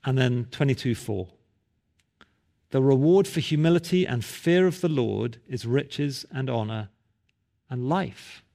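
A man's voice: medium pitch, lively intonation, a little slow, vocal fry, dark tone. A male pastor preaching a sermon, telling a story and building to emphatic repeated calls.

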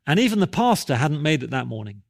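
A man's voice: fairly high pitch, big pitch swings, fast, gravelly. A male pastor preaching a sermon, telling a story and building to emphatic repeated calls.

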